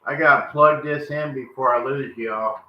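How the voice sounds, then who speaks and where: This vlogger has a medium-pitched voice with fairly even intonation and a moderate pace, drawling in a folksy Southern way as he rambles live and baby-talks his dogs. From the kitchen and porch, the sound is dull, echoey and lightly noisy.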